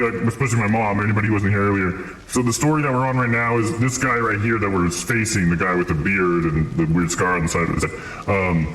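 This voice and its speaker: A man's voice: on the low side, fairly bright tone, reverberant, a little hiss or hum, rough recording. A man streaming a game live, chatting casually and recapping the story in a rambling way with chuckles. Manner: rambling, chuckling, lots of fillers.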